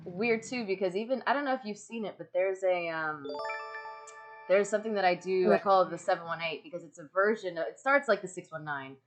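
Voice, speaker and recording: Excitable woman streamer telling stories. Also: lowish voice, brisk, soft background music. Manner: excitable storyteller who laughs often and acts out quotes. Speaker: streamer hosting a video call. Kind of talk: casual chat.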